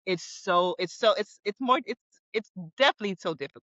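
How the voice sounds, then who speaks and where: A young woman chatting as a guest, animated and quick to laugh as she acts out her own thoughts. The sound is a little dull and lo-fi, dry with no room, at a middle pitch. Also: no room sound. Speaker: motorsports photographer, guest. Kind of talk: casual conversational interview.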